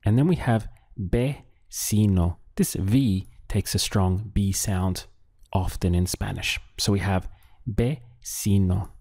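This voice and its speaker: Slow, deep-voiced male language teacher. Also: darkish tone, no room sound, studio quality. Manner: slow, patient, with drill pauses. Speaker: Spanish teacher. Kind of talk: audio language lesson.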